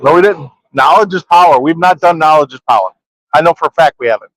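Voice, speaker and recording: A man with a high voice co-hosts a podcast in a playful, joking way. He teases his partner and pushes motivational quotes with mock drama. The sound is close and dry. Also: fast talker, fairly bright tone, no room sound, low-quality recording. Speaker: podcast co-host. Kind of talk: casual banter. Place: trade show floor.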